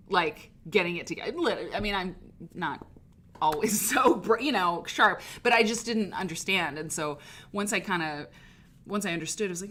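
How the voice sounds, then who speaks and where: A woman's voice: medium pitch, expressive, moderate pace, bright, forceful tone, slight background noise. A woman hosting a live stream in casual chat, rambling and laughing as she talks, with lots of "like" as filler. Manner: rambling, chatty, full of "like" and laughter. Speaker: livestream host.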